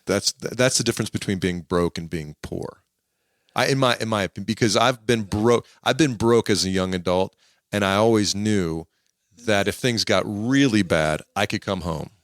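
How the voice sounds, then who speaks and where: A middle-aged man with a very deep voice hosts a casual podcast interview. He teases and jokes between questions, and the sound is close and dry. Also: no room sound. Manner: teasing, joking, quick follow-up questions. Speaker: podcast host interviewing his father.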